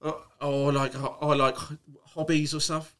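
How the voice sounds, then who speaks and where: A man's voice: a little high, flat delivery, unhurried, fairly bright tone, smooth. A man chatting on a podcast, rambling through a story with lots of restarts and swearing. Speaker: podcast co-host. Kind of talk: casual chat.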